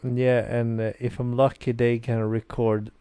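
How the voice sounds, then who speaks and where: A young man from Sweden, tipsy on beer, hosts a gaming video where he plays a visual novel and reads it aloud, his let's play commentary rambling and casual with lots of fillers. He speaks a little slowly in a flat, mellow, smooth mid-range voice, with no echo.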